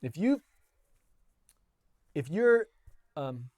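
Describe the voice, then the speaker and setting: Chatty, playful coding tutorial host. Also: male voice, a little high, sing-song, extremely slow, darkish tone. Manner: playful, self-deprecating, chatty with frequent laughs. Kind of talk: live-streamed coding tutorial.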